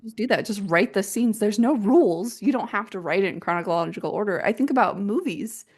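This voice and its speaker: A woman's voice: mid-range voice, fairly quick, a little mellow, slightly rough. A woman co-hosting a writing podcast, chatting casually and self-mocking as she recounts conference advice. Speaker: podcast co-host. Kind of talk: casual chat.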